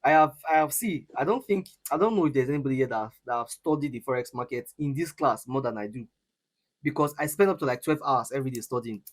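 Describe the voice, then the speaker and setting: A man's voice: medium pitch, fast. A young Nigerian man from Edo State, mentoring traders in a live session, emphatic and repetitive, often restarting his sentences. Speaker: forex trading mentor. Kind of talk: live trading session teaching.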